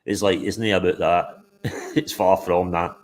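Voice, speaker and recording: A man's voice: sits low, steady tone, normal speed. A man hosting a livestream, chatting casually in a rambling, sweary way. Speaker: livestream host. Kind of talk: casual chat.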